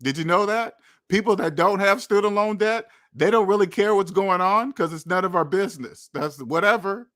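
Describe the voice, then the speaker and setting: This young finance host gives his audience blunt, moralizing money talk, circling back over the same ideas as he scolds them. He speaks at a moderate pace, his voice a little higher than most men's, with a fairly bright tone.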